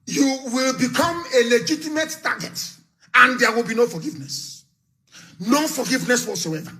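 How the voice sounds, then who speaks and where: A man with a Nigerian accent delivers a fiery live broadcast address. His voice sits high and sounds bright and forceful, and he is scornful throughout, repeating phrases and breaking into shouts. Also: normal speed. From southeastern Nigeria. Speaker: activist leader.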